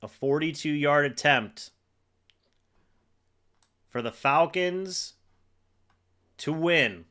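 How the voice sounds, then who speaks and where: Excitable man reacting live to football. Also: a little high, very slow, long pauses, clear, resonant tone. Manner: excitable, swings from shouting to deflated mumbling; talks to chat. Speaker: fan livestream host. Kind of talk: live game reaction commentary.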